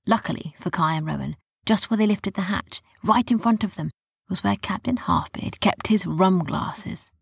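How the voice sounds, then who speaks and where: A woman narrating a children's story softly, often dropping to a whisper. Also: medium pitch, normal speed, creaky, slightly rough, dry recording, clean studio sound.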